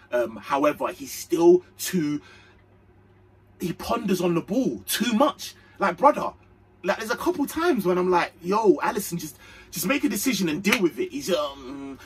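A young man giving a casual, slangy, excitable football match reaction. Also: fairly high pitch, far from the mic, slight background noise, poor audio. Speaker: fan channel host.

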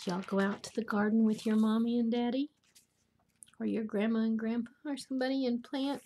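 An older woman, reading a children's picture book aloud as a grandmother, gently chatting and asking the listeners questions. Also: a little high, steady tone, brisk. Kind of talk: storybook read-aloud for children.

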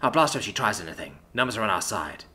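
A man voicing a gruff, blunt young woman soldier who growls her words. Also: fairly low pitch, big pitch swings, very fast, sharp tone. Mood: growling.

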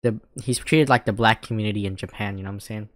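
A woman giving loud, profane, mocking commentary while reacting to a video, often laughing. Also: extremely low pitch, fast, dry recording, studio quality.

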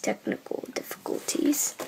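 A woman's voice: measured pace, heavy background noise. A woman chatting casually in a reaction video, reading titles aloud in a playful way.

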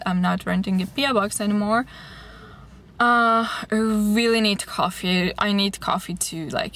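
Chatty young Lithuanian-born woman vlogger. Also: medium pitch. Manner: chatty storytelling with many fillers. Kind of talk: casual vlog chat.

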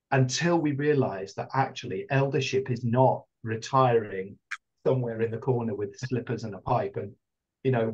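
A man's voice: mid-range voice, a little mellow, slightly rough, dull audio. A man, earnestly telling a story in a panel discussion, his speech full of hedging fillers. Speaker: round table guest.

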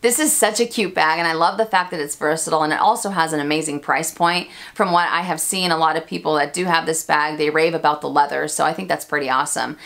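Woman, American accent, chatty, laughs a lot, slightly low voice, Q&A vlog. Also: fairly even intonation, fast, creaky, hardly any pauses, fairly bright tone. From United States. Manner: chatty, laughs often, self-deprecating. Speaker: luxury handbag YouTuber. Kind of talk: casual Q&A vlog chat.

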